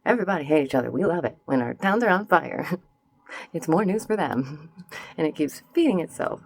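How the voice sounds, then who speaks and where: A woman's voice: deep voice, animated, moderate pace, gravelly, slightly rough, no room sound. A woman vlogger giving sassy casual commentary straight to her viewers, slipping into mocking voices.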